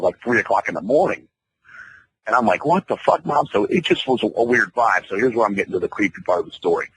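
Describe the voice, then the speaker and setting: A man's voice: fairly low pitch, slightly rough, low-quality recording. A man telling a long personal story in a radio interview, rambling and swearing freely as he goes. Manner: profane, rambling, animated. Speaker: interview guest. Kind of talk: casual storytelling.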